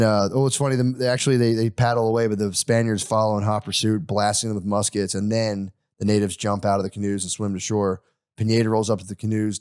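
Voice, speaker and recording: A man's voice: fairly low pitch, a little mellow, smooth, dry recording, clean studio sound. A young man hosting a podcast, casually retelling a history story with crude humor and voiced quotes.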